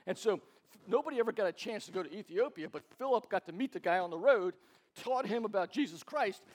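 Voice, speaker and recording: A pastor with a high, light male voice preaching in a relaxed, conversational way. He tells stories and acts out other people's lines, stumbling and repeating words as he goes. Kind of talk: casual sermon storytelling.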